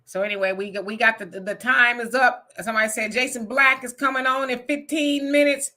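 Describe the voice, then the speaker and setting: A woman hosting a live online talk show in a bright, clear voice. She talks frankly in a loose, casual way and reads out viewer comments. Her laugh comes easily and often. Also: on the high side, steady tone, a little fast.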